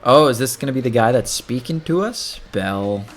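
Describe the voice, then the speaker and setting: A man's voice: mid-range voice, lively intonation, moderate pace, faint music behind. A man hosting a gaming channel, giving casual gameplay commentary and chatting as he thinks aloud while playing.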